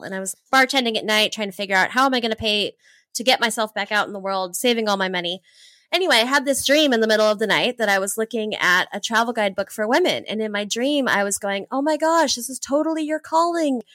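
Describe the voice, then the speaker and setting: Here, the same kind of guest, a woman in her thirties from Hawaii, tells travel stories in an animated interview, laughing frequently and voicing what she used to think. Her pitch is medium and her tone sharp, with no room sound on the recording.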